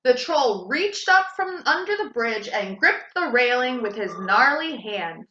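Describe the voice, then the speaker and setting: A woman hosting a children's storytime, reading a storybook aloud in an expressive, sing-song way. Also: on the high side, unhurried, echoey room, lo-fi sound.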